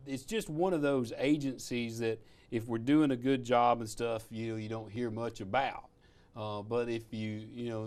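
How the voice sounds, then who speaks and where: A man's voice: medium pitch, a little mellow. A man with an Alabama Southern accent, speaking as an interview guest in an easygoing, plain-spoken way. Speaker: guest, public service commissioner. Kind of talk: casual interview chat.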